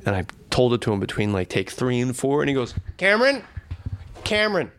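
A middle-aged man with a gravelly, mid-range voice spins an animated anecdote in casual conversation. He talks fast and profanely and acts out the other people in his story as he goes. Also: medium pitch. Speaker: guest comedian.

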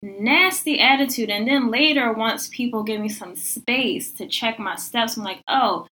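A young woman telling a workplace story in casual podcast chat, full of "like" and acting out other people's lines. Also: measured pace. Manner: animated, acts out quoted voices with high pitch jumps; lots of "like" fillers.

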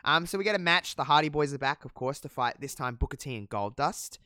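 A man's voice: fairly high pitch, lively intonation, fast, pushed and bright, clean tone, dry recording, studio quality. A man casually recapping a wrestling show as a podcast co-host, chatty and profane, with lots of fillers. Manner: chatty, profane, many fillers, laughs at own jokes. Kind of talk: casual chat.

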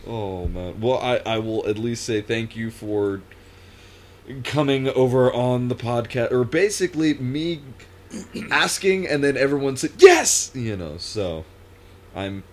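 Laughing podcast host, slow and lively. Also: male voice, mid-range voice. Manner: laughs often, loud bursts of protest. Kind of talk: casual chat.

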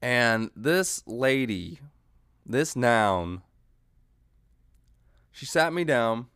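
A man's voice: mid-range voice, very animated, extremely slow, fairly bright tone, clear, resonant tone, no room sound, studio quality. A young man hosting a podcast, ranting in a comedic monologue, profane and sarcastic with an exasperated edge. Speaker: podcast host.

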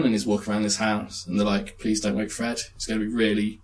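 A man's voice: lowish voice, quick pace, low-quality recording. Young man telling a sweary story. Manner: animated storytelling with swearing and laughs. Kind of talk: casual chat.

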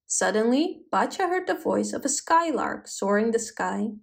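A woman narrating a folk tale in an expressive, dramatic storybook style. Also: fairly high pitch, normal speed, gravelly.

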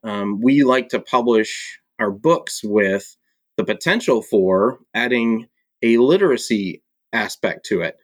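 A man from Michigan, an author and publisher, chatting casually as a podcast guest and laughing at himself between halting fillers. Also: fairly low pitch, no echo. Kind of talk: casual conversation.

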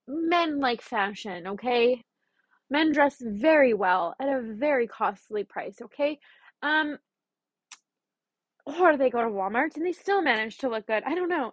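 A young adult woman hosting her own podcast, talking in a chatty, blunt and animated way, with the odd swear word. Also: a little high, dry recording. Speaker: podcast host. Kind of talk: casual solo podcast monologue.

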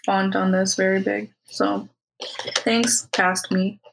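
Husky young woman, laid-back podcast host. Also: medium pitch, flat delivery, takes it slowly, low-quality recording. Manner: laid-back, laughs often, swears casually. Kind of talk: casual chat.

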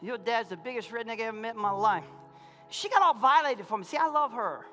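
A man pastor preaching a sermon in a church, folksy, calling out to his congregation, swinging from loud fervor to quiet intensity. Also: very high voice, lively intonation, brisk, faint music behind. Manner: impassioned, rising to shouts and dropping to quiet. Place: church sanctuary.

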